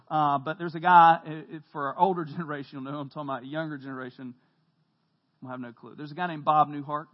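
A man preaching a sermon to a congregation as pastor, telling stories with humor and lively emphasis. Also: sits high, dull audio. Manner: animated storytelling, jokes with the congregation, shouts when quoting. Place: church hall.

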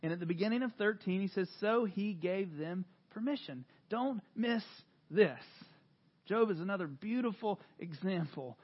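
A man preaching a sermon, retelling scripture with dramatic swings from hushed to loud, animated storytelling. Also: sits high, moderate pace, slightly rough, highs cut off. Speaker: pastor.

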